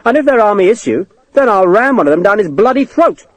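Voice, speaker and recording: A man voicing a tough, rough-spoken English soldier who talks bluntly and swears. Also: high-pitched, very animated, fast talker, no room sound, voice pushed up. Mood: gruff.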